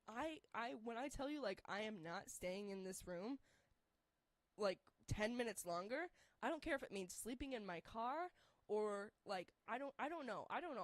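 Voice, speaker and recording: Her voice sits a little high, and there's no echo as this young woman casually rambles through a story. "Like" turns up constantly, and laughter runs through the whole telling.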